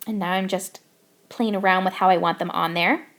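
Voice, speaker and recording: A woman's voice: lowish voice, fairly even intonation, moderate pace, fairly bright tone. A young woman from Canada narrating her craft process in a bubbly, gushing way. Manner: bubbly, gushing over cute details. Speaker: craft YouTuber.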